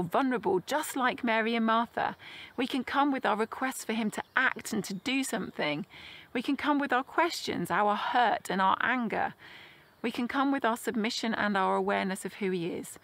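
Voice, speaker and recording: A woman giving a sermon, earnest and gentle, slowing down to let key phrases land. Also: a little high. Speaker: preacher.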